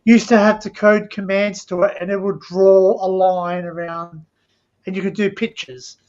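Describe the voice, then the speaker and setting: A man with a notably high voice chats on a live stream, rambling from one story to the next. His talk is loose and full of laughter. The audio sounds dull and lo-fi. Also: level tone, normal speed, a little mellow. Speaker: stream host. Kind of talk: casual chat.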